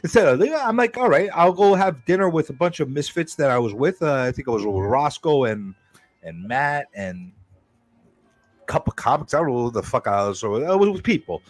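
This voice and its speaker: A man's voice: mid-range voice, animated, a little fast, dry recording. A man hosting a live stream, telling an exasperated, profane story in casual chat.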